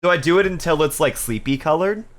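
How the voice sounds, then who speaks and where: A man's voice: a little high, expressive, fast talker. A man casually chatting on a live stream, reading viewer messages aloud with playful jokes and frequent laughter. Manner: laughs often.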